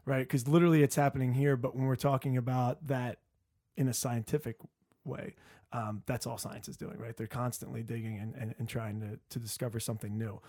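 A man's voice: medium pitch, steady tone, brisk, darkish tone, no echo. Rambling man with a dry close sound. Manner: rambling, many restarts and fillers, laughs often. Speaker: podcast host. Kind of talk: casual chat.

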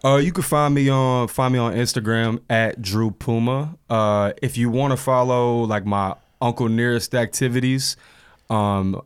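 A man in his thirties, a podcast guest, chatting casually in a laid-back, halting way with lots of fillers and restarts. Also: mid-range voice, steady tone, clean tone. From Indianapolis area. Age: 30s. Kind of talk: casual chat.

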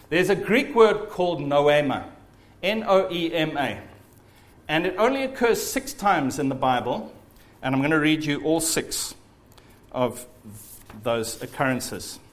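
Lively man preaching a sermon. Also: fairly high pitch. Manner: animated, earnest preaching with dramatized asides.

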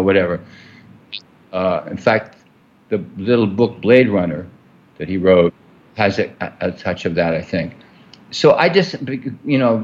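A man's voice: deep voice, muffled recording. A man being interviewed, telling a long story in a rambling way with many fillers and restarts. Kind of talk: storytelling in a conversation.

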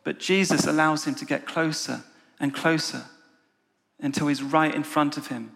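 A man's voice: a little high, steady tone, moderate pace, creaky, a bit bright. A man preaching a sermon to a room of listeners, leading them through an imagined story and asking them questions. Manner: storytelling, inviting the audience. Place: church meeting room with an audience. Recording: long hall reverb.

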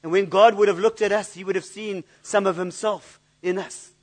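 Church pastor, man, high-pitched voice, earnest sermon delivery with stumbling repeats. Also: fairly even intonation, normal speed. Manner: earnest, repeats words when searching for them.

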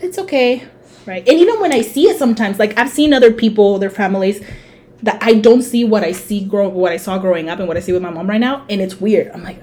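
A woman's voice: mid-range voice, fast. A young adult woman co-hosting a podcast, chatting casually, swearing and acting out scenes as she tells stories. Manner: animated storyteller, swears, mimics her mother. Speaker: podcast co-host.

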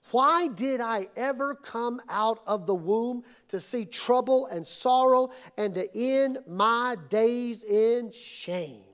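A middle-aged man preaching a sermon as pastor, swinging between quiet reflection and impassioned, acted-out cries to God. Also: extremely high pitch. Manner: preaching with rising, impassioned outbursts and acted-out prayers.

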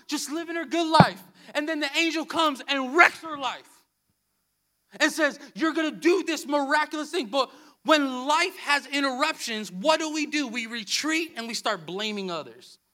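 A man preaches with a strikingly high, bright voice. He hammers home his points by repeating phrases, dropping soft and low, then surging loud again. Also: a little slow. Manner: emphatic, repeats key phrases, swings between soft and loud. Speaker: pastor. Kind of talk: sermon.

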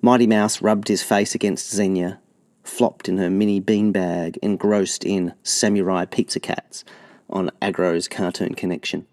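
A low-pitched man reads from his own novel, steady and measured. His delivery is intimate and unhurried, letting the lines breathe. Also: dry recording.

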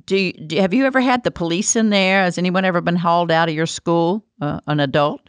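A woman's voice: fairly low pitch, fairly quick, clear, resonant tone, no room sound. A woman interviewing a guest, asking questions and reflecting on the answers with enthusiasm.

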